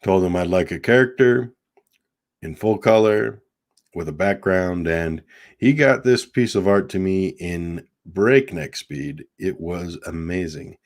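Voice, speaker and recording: A man's voice: sits low, measured pace. A man hosting a casual live stream, chatting in a rambling way and often addressing his viewers as folks. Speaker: host.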